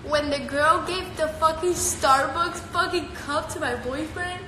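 Teenage girl streamer with a high voice, profane and playful, recorded on a phone in an echoey, noisy room. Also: a little slow. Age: teens. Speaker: live streamer. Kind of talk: casual live-stream chat reading viewer comments.

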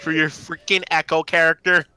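A man's voice: a little high, little pitch movement, moderate pace, a crowd in the background. A man in the room with a streamer, making dry, teasing remarks from off-mic. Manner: dry, teasing, mock-grumbling. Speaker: friend in the room.

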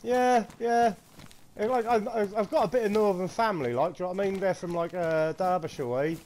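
A man in casual voice chat while gaming, excitable and sweary, with bursts of shouting. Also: high-pitched, fairly quick, a little hiss or hum. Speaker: player. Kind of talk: casual gaming banter with friends.

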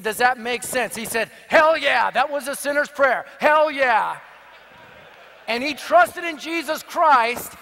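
High bright-voiced energetic preacher. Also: male voice. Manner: energetic, punchy, joking. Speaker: evangelist speaker. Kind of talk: sermon with humorous storytelling. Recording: long reverb of a big hall.

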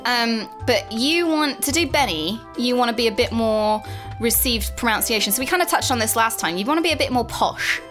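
High bright girl hosting a game stream, giggly, teasing, lots of ups and downs. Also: animated, fairly quick, faint music behind. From Britain. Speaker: host. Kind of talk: casual chat while playing a video game.

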